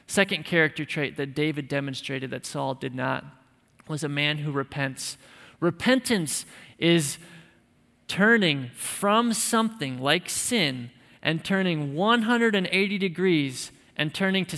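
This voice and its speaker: A man's voice: fairly high pitch, a bit bright, big-room sound. A man preaching a sermon to men, emphatic and conversational, with touches of light humor. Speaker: pastor.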